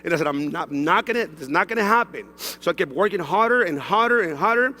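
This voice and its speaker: A man's voice: sits high, lively intonation, quick pace, sharp tone, big-room sound. Emotional Mexican-born man on a stage. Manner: emotional, repeats himself, broken English phrasing. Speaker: stage speaker at a sales event. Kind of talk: personal testimonial speech. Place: large event hall on stage.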